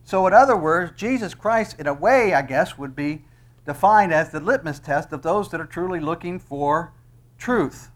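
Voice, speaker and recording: A man's voice: fairly high pitch, animated, moderate pace. A middle-aged man preaching an expository sermon, reading scripture aloud and stressing key phrases emphatically. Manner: emphatic, rising on quoted verses.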